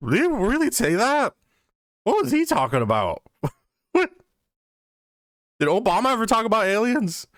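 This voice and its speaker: A man's voice: sits high, huge pitch swings, unhurried, long pauses, a bit bright, no room sound. A man casually commenting over a video as a streamer, joking, swearing and laughing often. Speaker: streamer hosting a watchalong.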